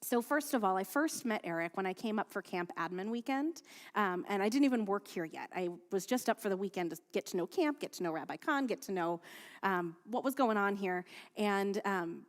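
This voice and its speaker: A woman rabbi leading prayers and giving a sermon, reading at a steady, measured pace and telling stories in a chatty, lively way with fillers. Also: mid-range voice. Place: synagogue sanctuary. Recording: long hall reverb from a livestreamed service.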